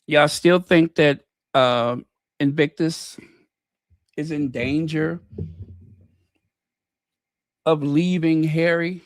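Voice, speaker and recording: Male host, chatty and folksy, slow unhurried delivery, slightly high voice. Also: fairly even intonation, no room sound, clean studio sound. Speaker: podcast host. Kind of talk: casual commentary.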